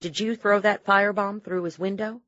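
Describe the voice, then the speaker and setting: A man narrating an audiobook voices a calm, matter-of-fact woman doctor asking pointed questions, on dry audio. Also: sits high, normal speed, dry recording, muffled recording, voice pushed up. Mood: questioning. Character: calm, steady woman doctor held hostage.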